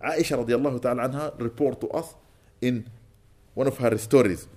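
A man's voice: mid-range voice, a little fast, warm tone. A man speaking as a sheikh, giving a storytelling sermon in which he quotes Arabic and then translates it. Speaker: sheikh giving an Islamic lecture.

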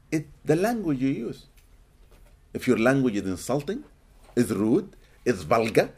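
A man from Sudan, giving an animated, expressive religious lecture to a live audience in a hall and often laughing. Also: a little high, breathy edge. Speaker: Islamic teacher.

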